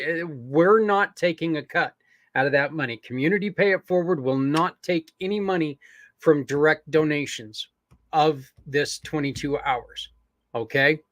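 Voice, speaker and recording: An expressive, earnest podcaster with a somewhat high voice speaks at a normal speed, wandering through tangents and filler words as he appeals to listeners. The recording is dry and close, with no surrounding room sound.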